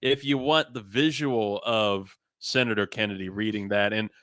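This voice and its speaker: A man's voice: on the low side, steady tone, normal speed, a bit bright, no room sound, studio quality. A young man hosting a sports variety show, chatting casually in a rambling, self-amused way. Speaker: host.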